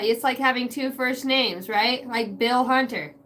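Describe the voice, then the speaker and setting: A woman's voice: on the high side, measured pace, sharp tone, a little hiss or hum. A woman doing a casual live tarot reading from her backyard shed. She rambles, cracks crude jokes and laughs a lot. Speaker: tarot reader.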